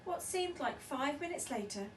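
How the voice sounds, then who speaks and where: A woman teacher reading a picture book aloud with lively, expressive storytelling. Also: high voice, moderate pace, echoey room, recorded from a distance, a little hiss or hum, poor audio.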